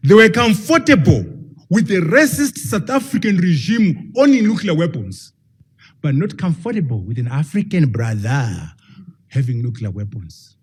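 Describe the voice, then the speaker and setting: A man's voice: fairly high pitch, sing-song, moderate pace, breathy edge. A man, a professor, giving an emphatic public lecture and firing rhetorical questions at his audience.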